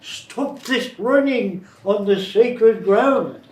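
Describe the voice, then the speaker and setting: A man imitating a stern old man on crutches, scolding slowly and loudly. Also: sits high, voice pushed up. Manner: slow, loud, scolding. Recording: roomy, distant, faint noise.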